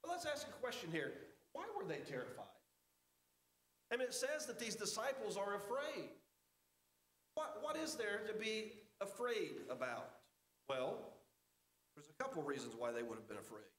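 A male pastor preaches in a sanctuary, his voice sitting high. He presses key phrases upward, then sinks low and quiet for weight. The room rings with echo around every sentence. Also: sing-song, normal speed, pauses often. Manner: preaching with emphatic rises and drops to a hush. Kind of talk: sermon. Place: church sanctuary. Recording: echoey church sanctuary.

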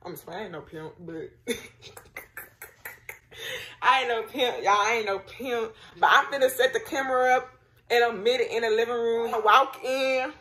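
A young woman hosting a casual vlog, talking to her viewers in an animated, slangy, teasing way. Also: on the high side, moderate pace. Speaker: vlogger host. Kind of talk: casual chat to camera.

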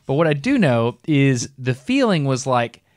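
A middle-aged man co-hosting a podcast, telling a long story in a casual, animated way and breaking into laughs as he goes. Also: medium pitch, measured pace, dry recording, clean studio sound. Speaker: podcast co-host.

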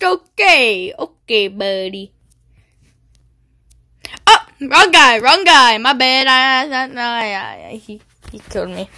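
High, lively woman doing goofy gaming commentary. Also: slow, pauses often. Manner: goofy, teasing, yelps and squeals when hit. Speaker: gaming video creator. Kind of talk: gameplay commentary.

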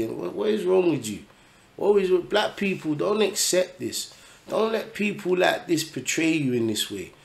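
Man, gravelly voice, slightly high, blunt exasperated rant. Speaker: reaction commentator. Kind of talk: ranting reaction commentary.

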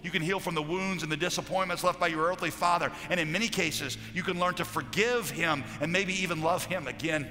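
Impassioned preacher in a reverberant hall. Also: male voice, fairly high pitch, a little fast, hardly any pauses. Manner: impassioned preaching, swings between loud declarations and hushed storytelling. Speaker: pastor. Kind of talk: sermon. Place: large conference hall. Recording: live hall recording with long reverb and faint music.

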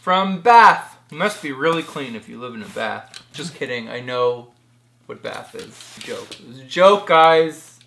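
A woman's voice: rumbling low, animated, a little slow, creaky, a bit bright. A woman in a casual home vlog, chatting and joking as she opens and reads fan mail aloud. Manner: playful, jokey, reads labels aloud. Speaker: vlogger opening fan mail. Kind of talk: casual chat.

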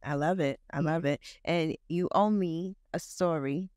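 A woman hosting a casual interview, teasing and reacting with quick interjections. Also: low voice, a little mellow, no echo, clean studio sound. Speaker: host.

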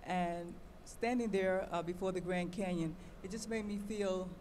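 A woman from the audience asking a question hesitantly, with many pauses and fillers. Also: fairly low pitch, steady tone, darkish tone, slight background noise.

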